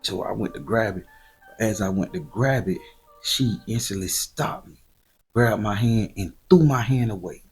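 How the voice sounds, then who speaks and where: Gravelly low-voiced man telling a raw story. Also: moderate pace, faint music behind. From southern Florida. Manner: profane, slangy and animated, voice jumping up for quoted lines. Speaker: storyteller host. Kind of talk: graphic storytelling monologue.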